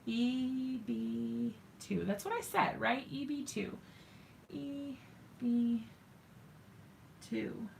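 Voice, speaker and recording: Woman streamer, unhurried delivery, vocal fry, chatty and self-mocking with her viewers. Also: on the high side, fairly even intonation, a little mellow, slight background noise. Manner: talks to viewers while working, thinks aloud, self-mocking. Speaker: craft live stream host. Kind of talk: chatty live crafting demo.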